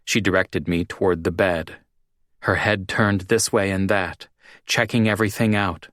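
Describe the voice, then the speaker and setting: Slow, low-voiced male audiobook narrator. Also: fairly bright tone, dry recording, studio quality. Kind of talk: scripted first-person narration.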